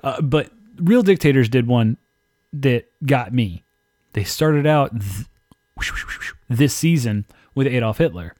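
A man co-hosting a casual podcast, heard dry and close with no room sound at all. He rants with lively, profane energy and swears constantly. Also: medium pitch, slow, no echo. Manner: animated, swears heavily, ranting. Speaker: podcast co-host.

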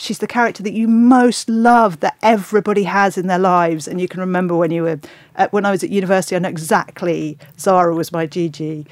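A woman's voice: lowish voice, darkish tone, dry recording. Enthusiastic, opinionated woman talking films. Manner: enthusiastic, opinionated, quick to act out quotes. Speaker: podcast host discussing films. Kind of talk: casual chat.

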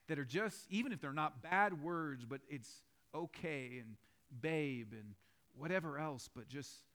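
A man's voice: medium pitch, a bit bright. A man in his thirties, a pastor preaching a sermon in a church with a casual, storytelling, conversational manner.

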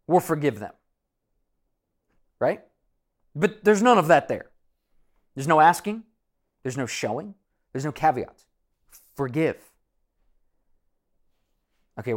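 Conversational man preaching a sermon. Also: a little high. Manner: conversational, self-deprecating, acts out quoted voices. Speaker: pastor.

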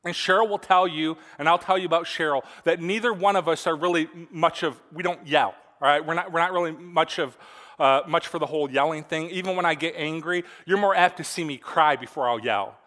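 A man's voice: fairly high pitch, a little fast, a bit bright. A young man preaching a sermon in an earnest, conversational way, checking in with the congregation with asides. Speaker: pastor. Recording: reverberant hall.

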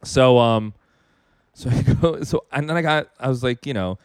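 A man's voice: mid-range voice, normal speed, clear, resonant tone, no echo, clean studio sound. A man hosting a casual comedy podcast, rambling through a story with many fillers and laughs. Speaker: podcast host.

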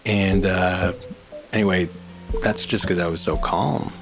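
Male podcast host, low voice, calm, rambling, self-amused, music bed behind. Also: measured pace. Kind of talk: casual solo monologue. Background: background music.

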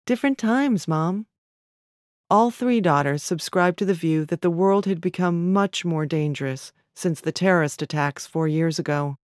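Woman, low voice, literary fiction reading, measured, dry close recording. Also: no echo. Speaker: narrator.

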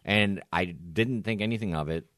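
A man's voice: low-pitched, moderate pace, background noise. A man co-hosting a podcast, cracking jokes and telling anecdotes in casual banter. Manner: wisecracking, animated anecdote teller. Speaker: podcast co-host.

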